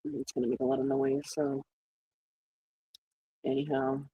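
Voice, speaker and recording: On a rough recording with a little hiss or hum, a woman livestreams in a high, warm, sing-song voice with vocal fry, speaking a little slowly. She greets viewers by name, chats casually, and laughs at her own sarcastic humor.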